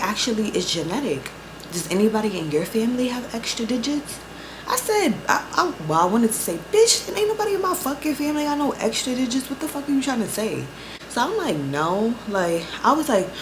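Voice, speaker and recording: A young woman vlogger telling a story in a casual, profane, animated way, acting out both sides of the conversations. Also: lowish voice, noisy background. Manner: profane, animated storytelling with quoted back-and-forth.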